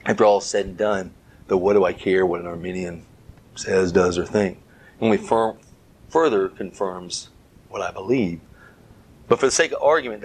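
A man's voice: lowish voice, husky, rough recording. A man giving a Bible teaching talk as a preacher, earnest, speaking in short phrases and stressing key words.

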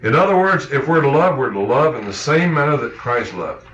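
A man's voice: mid-range voice, lively intonation, a bit bright. Earnest preacher man in an echoey room. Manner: earnest, halting, with many restarts and acted-out quotes. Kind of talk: sermon. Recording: echoey, muffled old sermon recording.

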